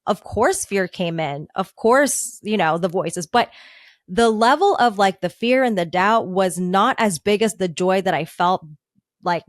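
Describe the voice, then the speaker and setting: A woman's voice: mid-range voice, dry recording, clean studio sound. A woman career coach speaking as a podcast guest, telling her story in an earnest, reflective way with frequent "like". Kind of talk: casual podcast interview.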